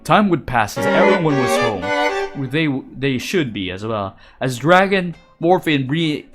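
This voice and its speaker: A man's voice: mid-range voice, lively intonation, a little slow, over loud music. A man, a voice actor, casually reading a fan story aloud, playful and reacting as he goes. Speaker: voice actor and VTuber.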